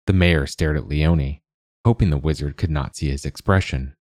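Very deep-voiced male storyteller. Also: moderate pace, darkish tone, no echo, clean studio sound. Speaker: narrator. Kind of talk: storybook narration.

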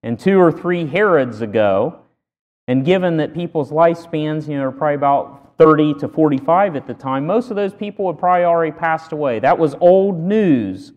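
A man preaching a sermon with earnest emphasis, punching key words loudly between pauses. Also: on the high side, lively intonation, in a large hall, lo-fi sound. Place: church sanctuary.

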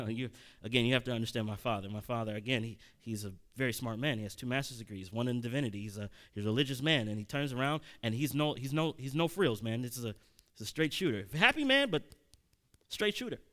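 A man, likely in his thirties, preaching a sermon as a personal story, conversational with sudden loud emphatic peaks and frequent restarts. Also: mid-range voice, lively intonation, fast.

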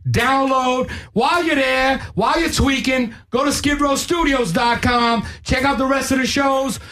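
Very high-voiced hype-man podcast host. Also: fairly even intonation, measured pace, a little hiss or hum. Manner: stammering, hype-man shouting, profane. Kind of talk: casual podcast chat.

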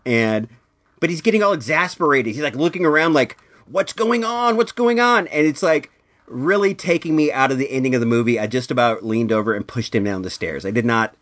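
A man in his thirties hosts a casual podcast in a loose, rambling style. His voice sits at an ordinary mid pitch, and he fills his talk with likes and you-knows, getting more animated when he tells a story. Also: fairly quick. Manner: rambling, animated when telling stories, filler-heavy. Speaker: podcast host and movie reviewer. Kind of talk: casual comedic storytelling and review.

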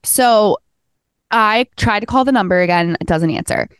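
A woman's voice: medium pitch, moderate pace, smooth, dry recording, studio quality. A young woman co-hosting a podcast, telling a story in a casual chat, acting out quotes and swearing freely. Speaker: podcast co-host.

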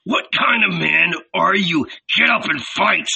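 A man's voice: fairly low pitch, takes it slowly, gravelly, pushed and bright, slightly rough, dull audio, exaggerated voice. A man voicing a fierce, angry red-bearded blacksmith who growls his words in a menacing way.

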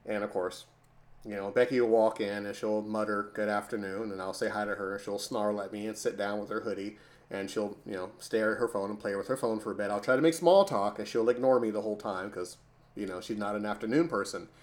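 Low-voiced man rambling through a story. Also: fairly even intonation, fairly quick. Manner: rambling, filler-heavy. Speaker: podcast host. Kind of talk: casual comedic storytelling.

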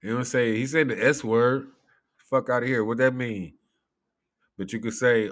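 A man's voice: mid-range voice, steady tone, moderate pace. A man giving loose, rambling commentary to his viewers, laughing often and swearing freely. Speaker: commentary vlogger.

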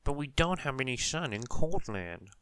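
Mister Sneeze, squeaky sniffly little fellow voiced by a man. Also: very animated, moderate pace, a bit bright, smooth, no echo. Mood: plaintive. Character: timid little cold-plagued creature always sneezing. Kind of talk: storybook read-aloud.

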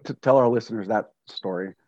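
A man, a grandfather, hosting a casual interview, speaking earnestly and haltingly with many fillers and restarts. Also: lowish voice, a little mellow, no room sound. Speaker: podcast host. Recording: dull, dry lo-fi sound.

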